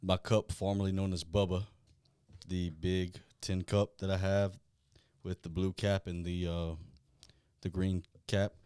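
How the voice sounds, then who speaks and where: A man, hosting a casual podcast and talking in a blunt, profane, animated way. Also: sits low, measured pace, smooth, no room sound, studio quality. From South Louisiana. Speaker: podcast host.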